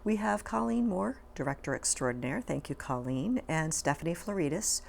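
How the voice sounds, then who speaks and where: Low-voiced woman hosting a local talk show. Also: animated, moderate pace, creaky, slight background noise. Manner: chatty, upbeat, thanks people by name. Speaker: host of a community cable talk show. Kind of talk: casual interview.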